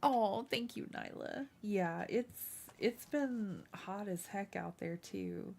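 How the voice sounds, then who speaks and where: Woman, livestream host, unhurried chatty talk, gravelly voice, fusses at her cat. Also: mid-range voice, a little mellow. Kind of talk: casual livestream chat. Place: home room.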